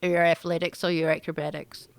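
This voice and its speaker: A woman narrating as game master of an online tabletop game, laughing often between quick rulings. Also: on the low side, flat delivery, clean tone.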